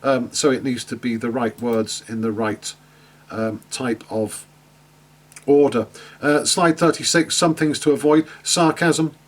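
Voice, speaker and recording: A man's voice: medium pitch, measured pace. A man teaching an online class in a chatty way, with many fillers and restarts, asking his students questions. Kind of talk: online lecture.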